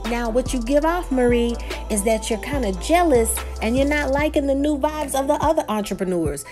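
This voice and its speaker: A woman's voice: high voice, animated, normal speed, music in the background. A woman with a Texas accent recapping and reviewing a reality show, chatty and opinionated, talking straight to her viewers. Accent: Texan.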